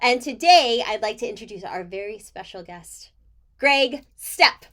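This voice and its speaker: A woman hosts a casual podcast interview in a fairly high, very lively voice. She sounds bubbly and laughs easily. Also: a little slow. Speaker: podcast host.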